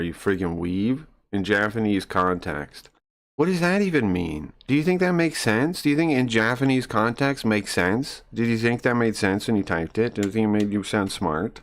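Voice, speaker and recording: A man streaming live, answering chat in a combative, mocking and crude way, sometimes dropping to low mutters. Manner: drops to low muttering asides. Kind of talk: casual live-stream rant.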